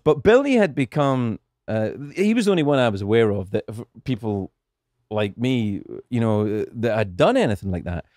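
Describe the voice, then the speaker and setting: A man's voice: on the low side, moderate pace, no echo, clean studio sound. A middle-aged Scottish man telling stories in a casual podcast chat, profane and restarting his sentences often. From Scotland. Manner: animated storytelling, profane, frequent restarts. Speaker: guest comedian.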